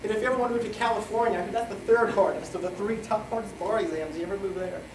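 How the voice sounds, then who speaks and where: A middle-aged man giving a rambling, joking wedding toast, halting often with fillers as he loses his thread. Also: high voice, background noise. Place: wedding reception hall. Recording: echoey hall from far off, crowd chatter.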